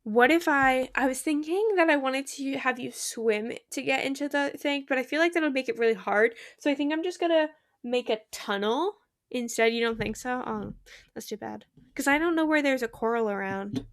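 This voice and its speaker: A young woman chatting casually while streaming a game, bubbly, giggly and easily excited, talking to friends in the game. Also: high voice, normal speed, no echo, studio quality. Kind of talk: casual gaming stream chat.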